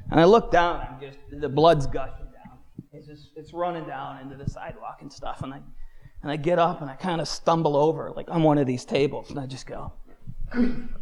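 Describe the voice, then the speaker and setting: A man giving a dramatic personal testimony, animated, swinging from shouts down to hushed whispers. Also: fairly high pitch. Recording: long hall reverb.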